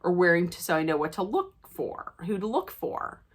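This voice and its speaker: Brief: easygoing polite male athlete, quoted by a woman storyteller, casual and helpful, lively ups and downs. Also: fairly low pitch, moderate pace, husky. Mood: friendly. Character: friendly male hockey goalie, easygoing and polite.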